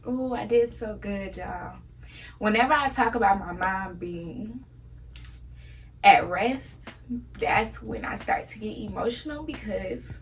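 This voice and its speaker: A woman's voice: medium pitch, a little hiss or hum, low-quality recording. A woman in her twenties from Savannah with a Southern accent, candidly telling a painful personal story in a conversational vlog. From Savannah, Georgia. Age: 20s. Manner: candid, conversational, drops to soft near-whispers at painful moments. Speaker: vlogger.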